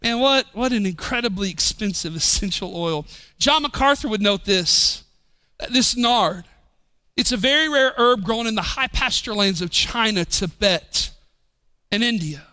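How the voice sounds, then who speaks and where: High, bright-voiced preaching pastor. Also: male voice, expressive, unhurried, clear, resonant tone. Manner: emphatic preaching with rising shouts and dropping low. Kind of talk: sermon. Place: church.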